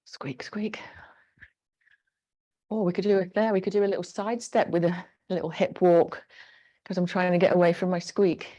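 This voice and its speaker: A woman leads an exercise class at home, talking through each move in a friendly, encouraging way. Her voice sits a little low for a woman. She speaks into a clip-on mic pack. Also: flat delivery, fairly quick, mellow. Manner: encouraging, chatty cueing of moves. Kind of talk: live online exercise class instruction. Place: home room with a squeaky floor.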